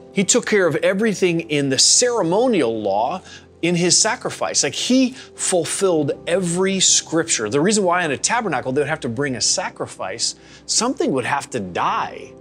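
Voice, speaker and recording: A man pastor teaching the Bible in a casual, conversational way, animating the reactions of the people he talks about. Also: fairly high pitch. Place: church gathering.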